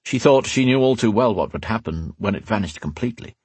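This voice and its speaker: A male narrator giving a measured, dramatic reading of a fantasy audiobook on a close mic. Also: fairly low pitch, animated, a little mellow, slightly rough, no room sound.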